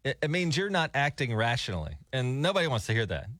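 A man's voice: medium pitch, sing-song, quick pace, a bit bright, dry recording, clean studio sound. A man co-hosting a morning radio show, bantering casually and laughing often.

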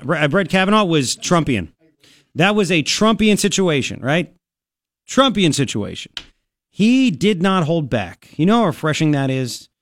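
A man's voice: fairly high pitch, fairly bright tone, dry recording. A male talk radio host giving an emphatic, ranting political commentary.

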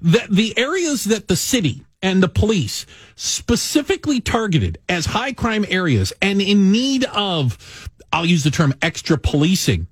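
A man hosting a morning radio show, joking and animated. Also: sits high, slightly rough, no echo, clean studio sound. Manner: animated, joking, lively delivery.

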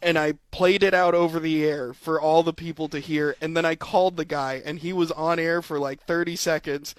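Animated storytelling man, dry sound. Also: on the high side, normal speed, no room sound. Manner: animated storyteller, laughs often, acts out voices. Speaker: podcast co-host. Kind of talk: casual sports chat.

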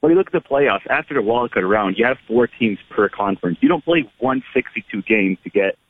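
A man from Canada calling into a sports radio show, talking quick and casual. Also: fairly low pitch, very animated, dry recording. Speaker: caller. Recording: tinny phone line.

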